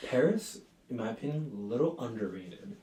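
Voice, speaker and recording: A young man hosts a podcast in casual chat, talking fast in a relaxed way and leaning on fillers. His voice is mellow and dark. He sounds roomy and distant, with faint noise behind him. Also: mid-range voice. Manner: quick, relaxed, filler-heavy. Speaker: podcast host.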